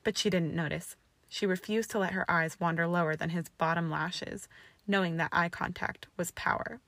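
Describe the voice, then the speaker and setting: Lady reading fanfic out loud, expressive, kinda low, no room echo. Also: moderate pace. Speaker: narrator. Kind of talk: fan fiction reading.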